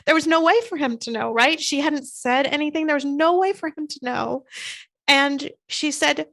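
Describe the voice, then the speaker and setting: A woman's voice: high-pitched, normal speed, vocal fry, a bit bright. A middle-aged woman hosting a podcast. She tells a story steadily and in detail. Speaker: podcast host. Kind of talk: podcast conversation.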